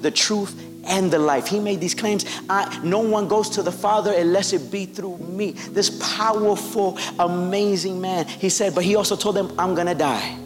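A high-pitched male pastor delivers a sermon in a church, his voice carrying a long hall reverb over soft background music. He tells the story in an easy, conversational way, acting out quotes, then climbs into loud, shouted emphasis. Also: fairly even intonation, moderate pace. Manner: preaching with rising shouts and acted-out quotes. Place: church sanctuary.

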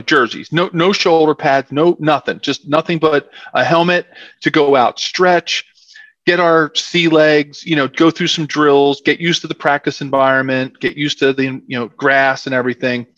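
A man tells a casual, rambling interview story, packed with fillers. His voice sits slightly high. The audio is dry and a bit muffled. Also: measured pace, fairly bright tone, no room sound. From South Philadelphia, USA. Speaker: former football player, guest.

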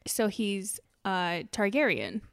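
A woman's voice: mid-range voice, very animated, slow, creaky, no echo, clean studio sound. A woman in casual chat, recapping a TV episode with a friend, laughing often and acting out her reactions. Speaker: podcast co-host recapping a TV episode.

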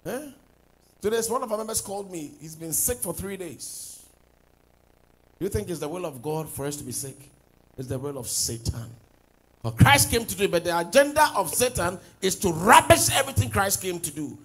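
Pastor, male, husky and high-pitched, animated pulpit sermon with big swings in volume. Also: moderate pace, low-quality recording. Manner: animated preaching, swings from loud declarations to low asides.

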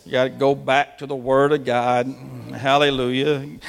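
A man preaching a sermon to church planters, animated and dramatic, acting out anxious prayers in sudden bursts. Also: mid-range voice, moderate pace, creaky, clean tone. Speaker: pastor. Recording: long reverb of a large hall.

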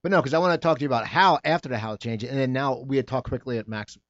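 Fast-talking male interviewer. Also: medium pitch, no echo, lo-fi sound. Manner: rambling, restarts sentences, talks fast. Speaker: interview host. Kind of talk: interview chat.

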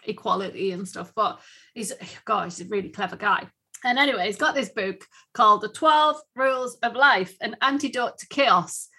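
Bright, husky-voiced chatty woman. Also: medium pitch, normal speed. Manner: chatty and giggly, with many fillers. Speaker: podcast co-host. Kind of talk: casual chat.

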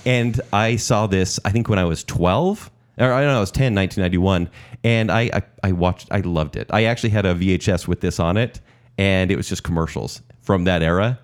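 A man in his forties co-hosting a casual podcast chat, playful and quick to slip into announcer impressions. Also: sits low. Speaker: podcast co-host.

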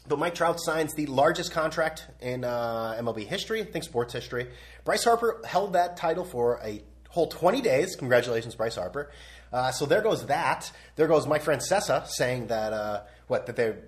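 A young man hosting a sports podcast, rambling and sarcastic in a casual opinion rant, blunt and full of restarts. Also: mid-range voice.

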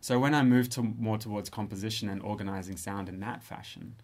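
His voice slightly low, an Australian man in his thirties talks over his music in an easygoing interview set in a studio. As a composer and musician, he thinks as he goes, hesitating, pausing and starting over frequently.

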